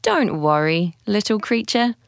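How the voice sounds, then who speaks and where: A woman's voice: medium pitch, big pitch swings, measured pace, vocal fry, dry recording, studio quality, pitched above the performer's own voice. A woman voicing an eager, helpful young boy in a storybook reading.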